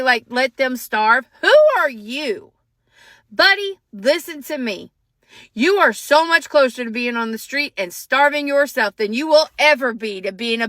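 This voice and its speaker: A woman's voice: high-pitched, bright, forceful tone, no echo. A woman ranting angrily to the camera, upset and shaking, profane and emphatic. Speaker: social media commentator. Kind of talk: angry rant to camera.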